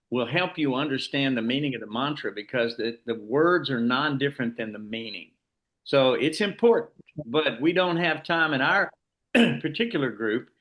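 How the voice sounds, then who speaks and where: A man with a mid-range, slightly bright voice leads an informal scripture class. He explains things at length and keeps restarting his sentences.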